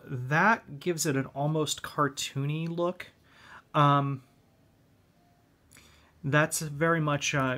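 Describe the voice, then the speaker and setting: A man talks through a model kit tutorial, explaining one step at a time in an unhurried, easygoing way. His voice sits in an ordinary middle pitch. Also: bright, forceful tone. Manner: laid-back step-by-step explaining. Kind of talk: hobby tutorial.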